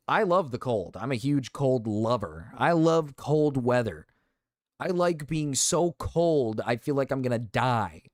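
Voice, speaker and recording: A man's voice: medium pitch, no echo, studio quality. A young man streaming live, ranting casually with lots of swearing and repeated phrases. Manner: ranting, profane, repeats himself. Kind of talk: casual livestream rant.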